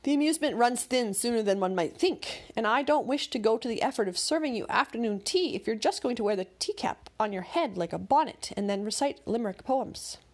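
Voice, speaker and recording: A woman's voice: fairly high pitch, lively intonation, a little fast, few pauses, pitched above the performer's own voice. A woman voicing a stiff, proper storybook creature who speaks prim and impatient. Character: stiff proper snobbish creature, fussy host.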